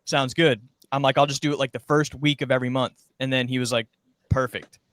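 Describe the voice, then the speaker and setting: A man's voice: mid-range voice, steady tone, a little fast, a bit bright, no echo. A young man and former podcast intern, telling a rambling story in casual chat and acting out quoted lines.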